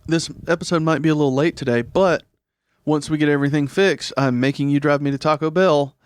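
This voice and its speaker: A man's voice: on the high side, fairly even intonation, brisk, smooth. A man with a Southern American accent co-hosting a podcast, joking and teasing in casual banter. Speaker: podcast co-host. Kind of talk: casual chat.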